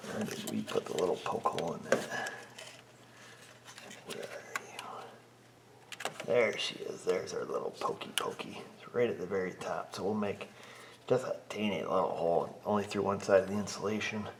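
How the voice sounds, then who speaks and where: Joking mechanic with a gravelly low voice. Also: male voice, lively intonation, normal speed, long pauses. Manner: joking, rambling, talks to himself and the parts. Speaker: auto mechanic and shop owner. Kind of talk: casual workshop vlog, talking while working. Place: auto repair shop bay. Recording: noisy garage with tool clicks.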